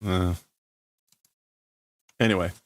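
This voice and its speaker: A man on a livestream, translating a manga aloud in a halting, thinking-out-loud way. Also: deep voice, fairly even intonation, no room sound. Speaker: streamer.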